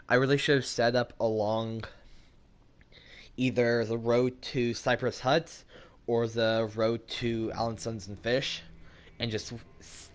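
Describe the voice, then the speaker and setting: A man giving casual, rambling gameplay commentary, mocking himself and talking to his character. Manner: unhurried, with sudden squeaky jumps in pitch. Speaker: gaming channel host.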